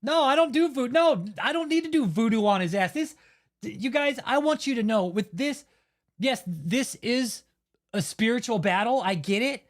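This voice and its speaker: High-voiced man ranting with profanity. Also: expressive, normal speed. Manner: heavily profane, heated and blunt. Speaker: channel host. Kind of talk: angry ranting commentary.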